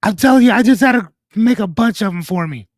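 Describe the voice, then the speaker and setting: Young guy streaming, high voice, loose and jokey, swears a bit, dry close sound. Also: lively intonation, fast, no echo. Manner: loose and joking, reads out chat names and comments; swears casually, breaks off with 'hold on'. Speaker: livestream host. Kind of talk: casual livestream chat with viewers.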